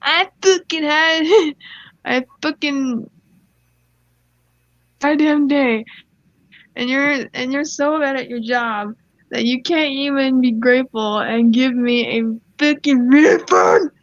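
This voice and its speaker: A woman's voice: sits high, slow, dry recording, muffled recording. Shrieking rude customer, put on by a woman. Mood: screaming. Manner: shrieking, swearing outbursts. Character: rude entitled woman customer, furious and demanding.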